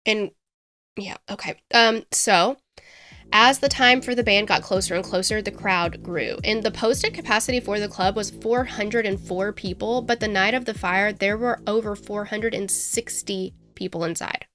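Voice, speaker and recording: Bright-voiced giggly woman. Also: medium pitch, normal speed. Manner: giggly, self-mocking, animated storytelling. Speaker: podcast co-host. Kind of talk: casual true-crime podcast chat.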